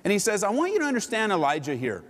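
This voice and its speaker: A man preaching a sermon to his church, animated and full of rhetorical questions. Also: sits high, very fast, in a large hall. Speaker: pastor.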